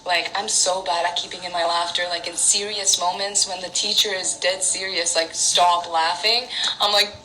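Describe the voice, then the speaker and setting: A young woman from Canada talks into her phone during a livestream at home, her lowish voice bright and forceful. She rambles through stories, filling them with "like" and bursts of giggles. A faint hiss sits under the recording. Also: little pitch movement, normal speed, few pauses, rough recording. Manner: giggly, rambling storyteller, lots of "like". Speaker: singer on an Instagram live. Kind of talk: casual livestream chat.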